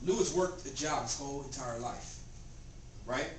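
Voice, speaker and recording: A man in his thirties giving a motivational sales pitch to a group in a home, asking them questions as he goes. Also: normal speed. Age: 30s. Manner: preachy, asks the room questions. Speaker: network marketing presenter. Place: living room of a home. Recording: roomy, distant and noisy home recording.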